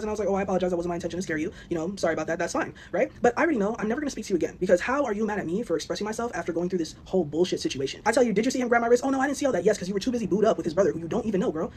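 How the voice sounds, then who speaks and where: Young woman storyteller, rapid indignant rant, faint room hum. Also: mid-range voice, darkish tone. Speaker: vlogger. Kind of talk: storytime monologue.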